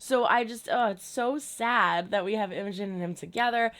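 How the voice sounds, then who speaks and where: A woman talks through an episode in a relaxed, chatty way, pushing hard on the parts that bother her. Her voice sits in a middle pitch, and she sometimes briefly mocks the characters in put-on tones. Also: moderate pace. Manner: chatty and emphatic, dips into mocking voices. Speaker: reaction youtuber. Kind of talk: casual recap and commentary.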